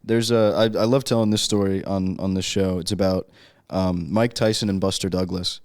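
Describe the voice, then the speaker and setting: A male podcast host tells a story casually to his guest. His voice is low and smooth. It sounds close and dry, with no room around it. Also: steady tone, darkish tone, no room sound. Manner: casual storytelling, quick retelling. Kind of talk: podcast interview.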